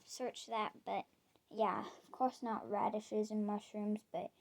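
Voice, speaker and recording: A woman's voice: mid-range voice, flat delivery, takes it slowly, creaky, a little mellow. A young woman chatting casually at home in a rambling pet vlog, with plenty of fillers. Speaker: pet vlogger. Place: home, indoors.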